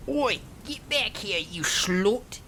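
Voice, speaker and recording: A man voicing a drunk, aggressive young man who taunts and shouts abuse. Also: fairly high pitch, animated, slow, slight background noise, pitched above the performer's own voice. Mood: raging.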